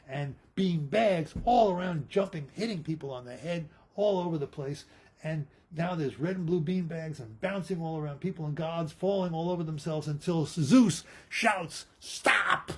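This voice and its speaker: A man improvising an animated, playful story. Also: on the high side, slightly rough.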